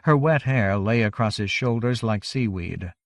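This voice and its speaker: A man narrating a fantasy audiobook in a measured, even reading on a close studio mic. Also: lowish voice, no room sound.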